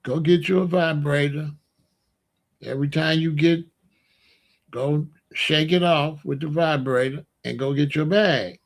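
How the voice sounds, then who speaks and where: A man's voice: on the high side, a little slow. A man talking casually and playfully in slang, giving loose, joking relationship advice straight to his listeners. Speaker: online talk host giving relationship advice.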